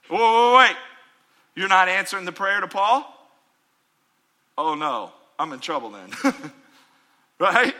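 Bright, high-voiced preacher man shouting. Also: sing-song, takes it slowly, pauses often. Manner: preacher's call-and-response, rising to shouts. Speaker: pastor. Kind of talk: sermon.

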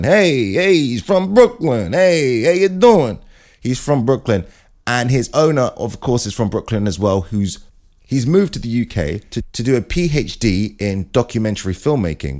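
A man hosting his own show, telling rambling comic stories in an animated way. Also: fairly low pitch. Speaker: podcast host. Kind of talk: comic monologue.

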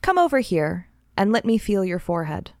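A woman voicing a gentle, solicitous husband in a dry, closely read short story. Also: medium pitch, big pitch swings, moderate pace, no room sound. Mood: concerned. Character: calm, caring middle-aged husband.

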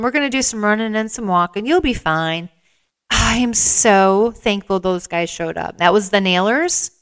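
A woman's voice: fairly low pitch, fairly bright tone, clear, resonant tone. A woman hosting her own podcast, telling stories in a rambling, candid, self-deprecating way and acting out the people she quotes. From American Midwest. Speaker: podcast host. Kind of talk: casual storytelling monologue.

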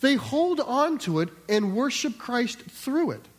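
A man's voice: very high-pitched, big pitch swings, slow pace. A pastor preaching an expository sermon in a conversational way, acting out quoted voices and repeating words as he restarts.

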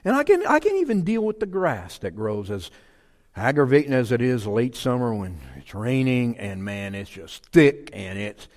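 A man's voice: mid-range voice, very animated, moderate pace, a little mellow, big-room sound. A man preaching a sermon in a folksy, emphatic way, repeating his key phrases. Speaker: pastor.

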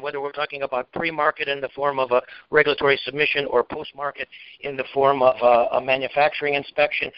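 Man, podcast host, measured explainer, dry dull lo-fi sound. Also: mid-range voice, dry recording. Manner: deliberate, explains carefully with many fillers. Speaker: regulatory expert host. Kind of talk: casual explanatory chat.

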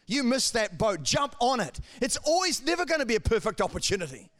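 A man preaching a sermon, with swings between calm speech and shouted, fervent passages. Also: extremely high pitch, a little fast. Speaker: pastor.

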